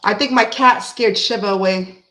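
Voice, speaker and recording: A woman talking casually at home while hosting a tarot reading. She rambles from topic to topic and breaks into hummed or sung snippets of songs. Now and then she softens her voice to coo at her cat. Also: medium pitch, normal speed, slight background noise. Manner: chatty and rambling, breaks into humming and singing song snippets; talks softly and affectionately to her cat. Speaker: tarot reader and channel host. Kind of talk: casual chat on a live reading.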